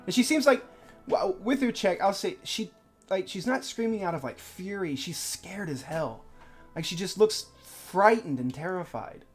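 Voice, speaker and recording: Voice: medium pitch, lively intonation, normal speed, faint music behind. A game master casually narrating a tabletop game, full of fillers.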